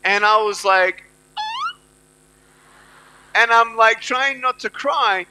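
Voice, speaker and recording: Slow and high-pitched, this thirtysomething man delivers an inspirational talk to a live crowd over slight background noise. As a motivational speaker, he hammers points emphatically, repeats lines back to the audience, and alternates booming moments with quiet stories.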